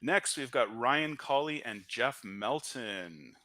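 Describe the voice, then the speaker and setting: Forceful Canadian man hosting a draw. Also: medium pitch, expressive, takes it slowly, dry recording. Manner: chatty and joking, thinks aloud with fillers. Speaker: host of a live-streamed lottery draw. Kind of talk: upbeat live-stream commentary. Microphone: audio-only stream mic.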